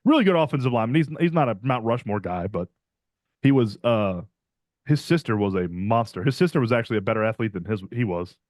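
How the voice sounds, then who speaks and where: A man's voice: fairly low pitch, lively intonation, fast, a little mellow, dry recording, studio quality. A young man co-hosting a podcast, chatting eagerly about football and saying "like" a lot. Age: young adult. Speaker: podcast co-host. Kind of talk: casual sports chat.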